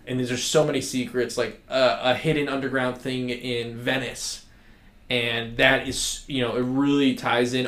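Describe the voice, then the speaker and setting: A man's voice: mid-range voice, level tone, normal speed, a bit bright. A man co-hosting a podcast, telling stories and sharing movie opinions with enthusiasm. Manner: enthusiastic storytelling. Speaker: podcast co-host. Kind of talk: casual chat. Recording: echoey room.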